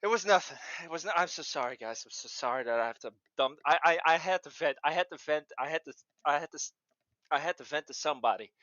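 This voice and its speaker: Brief: out-of-breath man, high bright voice, exasperated rant, muffled recording. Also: expressive, quick pace, no echo. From Netherlands. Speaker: listener sending a voice message. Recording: muffled voice message.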